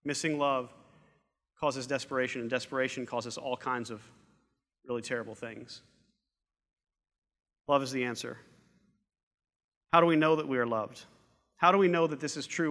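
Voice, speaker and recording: A man's voice: medium pitch, bright, forceful tone. A middle-aged man preaching a sermon as pastor, earnest, repeating phrases for emphasis. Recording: long reverb of a large hall.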